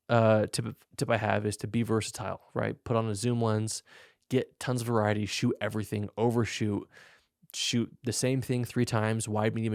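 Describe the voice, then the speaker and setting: A young man with a gravelly, low voice hosts a podcast, answering listener questions frankly and in a laid-back way. The tone is darkish, and the clean studio recording has no room sound.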